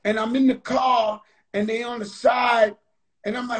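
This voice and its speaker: A man's voice: extremely high pitch, flat delivery, measured pace. A man hosting a live video chat, telling stories animatedly and swearing freely. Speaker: host. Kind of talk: casual live-stream chat. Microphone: phone on a live video call.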